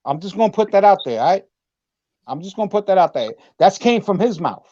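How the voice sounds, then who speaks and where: A man's voice: high-pitched, sing-song, fairly quick, warm tone. A man in a casual debate, cutting in insistently to make his point. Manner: interjecting, insistent. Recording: lo-fi online call audio.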